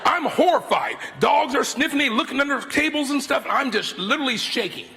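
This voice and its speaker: Man in his fifties, guest preacher, high voice, lively swooping delivery, theatrical storytelling, long hall reverb. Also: fairly quick, faint music behind. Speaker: guest speaker. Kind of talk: sermon with storytelling. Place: large university worship hall.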